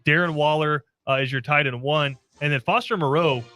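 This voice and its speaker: A man's voice: a little high, bright, forceful tone, soft background music. A man co-hosting a sports talk show who talks casually, teases his partner, and keeps pulling the talk back on topic. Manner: rapid, teasing, keeps steering back on topic. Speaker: co-host.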